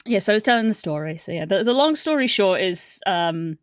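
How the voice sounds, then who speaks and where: A woman's voice: medium pitch, expressive, a little fast, no echo, studio quality. A young woman livestreamer telling a casual story on stream, rambling and chatty with lots of fillers and restarts.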